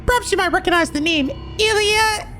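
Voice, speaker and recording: A man voicing a sweet but eerie little girl mage who gives cheerfully cruel orders, in a high falsetto. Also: a little fast, bright, forceful tone, faint music behind. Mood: polite. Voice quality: high falsetto, sing-song. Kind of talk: reading game dialogue aloud.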